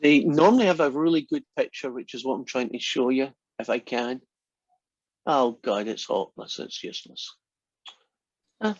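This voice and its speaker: A man teaching an online math lecture, telling corny jokes to his students in a relaxed, playful manner. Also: medium pitch, moderate pace, dry recording, lo-fi sound.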